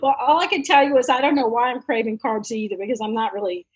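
A middle-aged woman telling a story in casual chat, animated and often laughing. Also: fairly high pitch, fast, breathy edge, poor audio.

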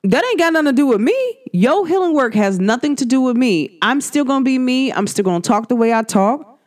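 A woman's voice: high-pitched, a little fast. A woman talking casually to her viewers about astrology, slangy and direct. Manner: animated, slangy, talks straight to viewers. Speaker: astrology vlogger. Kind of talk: casual talk to camera.

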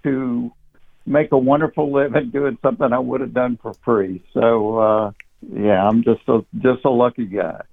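A man's voice: medium pitch, steady tone, moderate pace, vocal fry. A man in his fifties with a thick Southern Georgia accent, telling stories easily as a guest in a casual interview and laughing often. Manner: easygoing storyteller, laughs often, repeats words when starting. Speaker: comedian guest. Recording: tinny phone line.

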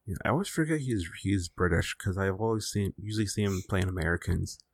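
A man hosting a podcast in casual chat, laid-back and halting, with plenty of fillers. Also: deep voice, dry recording, studio quality. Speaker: podcast host.

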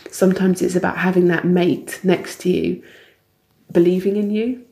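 A woman speaks as an interview guest, her voice low and gravelly. She talks candidly and haltingly, restarting phrases and laughing softly now and then. The recording has a noticeable room echo. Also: fairly even intonation. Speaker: interview guest, Olympic athlete. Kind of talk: reflective conversational interview. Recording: echoey room.

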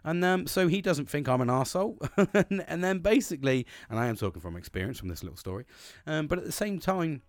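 A man's voice: fairly high pitch, sing-song, fast, no echo. Swearing British man, rambling monologue. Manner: rambling, swears constantly, earnest. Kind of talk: casual monologue.

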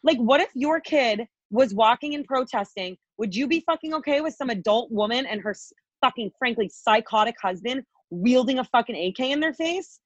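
A woman's voice: on the high side, animated, moderate pace, no room sound, muffled recording. Profane ranting woman, dry sound. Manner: heated, profane, ranting with many likes. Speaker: podcast co-host. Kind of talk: angry political rant.

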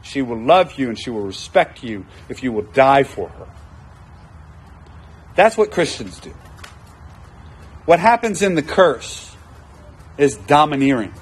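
A man's voice: mid-range voice, big pitch swings, a little slow, pauses often, husky. A man preaching a conversational sermon, acting out quoted voices and repeating lines for emphasis. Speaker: pastor.

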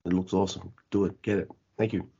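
A man's voice: low-pitched, flat delivery, quick pace, gravelly, warm tone, husky, muffled recording. A man hosting a casual podcast, joking and laid-back as he runs through plugs and news. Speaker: podcast host.

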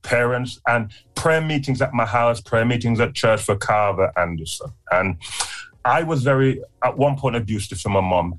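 A man in his sixties giving an emotional faith testimony, animated and vivid, his voice leaping up when he acts out what others said. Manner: animated storyteller, voice leaps high when acting out voices. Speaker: guest sharing testimony.

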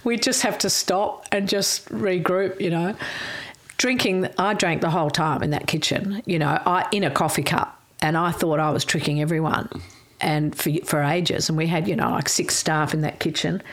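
A woman's voice: lowish voice, steady tone, moderate pace. A middle-aged woman, a former chef telling rambling stories in a casual chat and laughing often.

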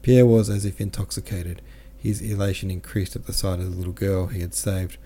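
A man narrating a classic novel as an audiobook reader, in a measured, steady manner. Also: low-pitched.

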